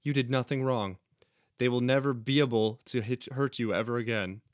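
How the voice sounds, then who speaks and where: A man voicing a gentle female doctor who comforts a frightened girl, read in a soft, soothing way for comic effect. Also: mid-range voice, fairly even intonation, moderate pace, no room sound, studio quality, natural voice. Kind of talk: comic dramatic reading.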